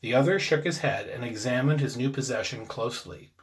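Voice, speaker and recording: A man reading a classic ghost story aloud with expressive, varied delivery. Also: mid-range voice, brisk. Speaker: reader.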